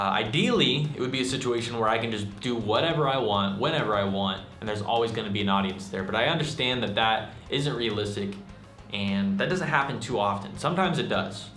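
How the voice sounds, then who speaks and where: A man's voice: medium pitch, a bit bright. A young man casually rambling through a channel update, with frequent fillers and self-deprecating asides. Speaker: channel host and musician. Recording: echoey room with faint music.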